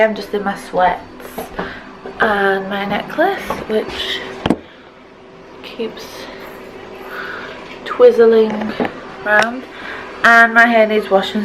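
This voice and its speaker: A woman's voice: medium pitch, fairly even intonation, takes it slowly, long pauses, over music, rough recording. A woman in her twenties chatting casually to camera at home, rambling and self-mocking. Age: 20s. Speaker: vlogger. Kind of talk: casual vlog chat to camera. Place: at home indoors.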